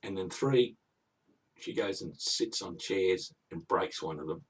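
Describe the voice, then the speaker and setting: Low husky aussie bloke ranting through a fairy tale, kinda far off the mic. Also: male voice, a little slow. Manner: indignant, rambling, grumbling asides. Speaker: comic storyteller. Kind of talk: comic retelling of a fairy tale.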